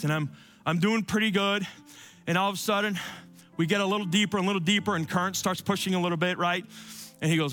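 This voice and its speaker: A man preaching a sermon and telling a personal story, often dropping to soft, low tones for emphasis. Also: steady tone, fast, soft background music. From Cuban family. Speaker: pastor.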